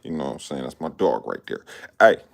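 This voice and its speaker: Deep-voiced dude w/ just chilling and rambling about his dogs, slangy, repeats himself. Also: lively intonation, brisk, vocal fry. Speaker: vlogger. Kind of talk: casual chat.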